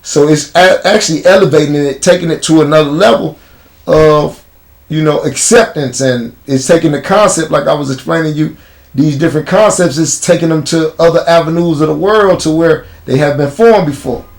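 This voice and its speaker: A man's voice: a little high, moderate pace, creaky. A man with a Chicago accent, an interview guest telling stories bluntly in street slang. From United States. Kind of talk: casual interview storytelling.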